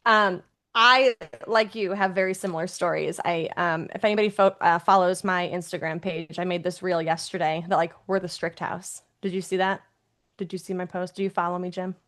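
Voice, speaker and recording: A woman's voice: fairly low pitch, fairly even intonation, brisk, a bit bright. A woman who is a pediatric nurse practitioner, talking as a guest in a casual, chatty way with many filler words. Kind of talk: casual conversation.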